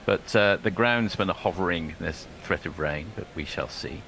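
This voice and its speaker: A man calling cricket ball by ball, measured and trailing off at the ends of phrases. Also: sits low, vocal fry, pushed and bright, slight background noise. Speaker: cricket commentator. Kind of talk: ball-by-ball radio commentary.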